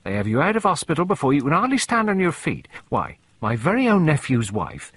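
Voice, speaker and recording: A man voicing a chatty, old-fashioned female cook who rambles fondly about the old ways, in a husky voice. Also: a little high, huge pitch swings, a little fast, a bit bright, no room sound, voice pushed up, heavily acted.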